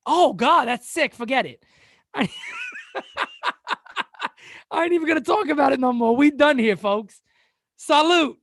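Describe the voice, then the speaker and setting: A man's voice: extremely high pitch, normal speed, long pauses, fairly bright tone, no echo, studio quality. A man hosting a casual sports live-stream chat, joking, laughing often and stammering through repeated words. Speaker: sports channel host.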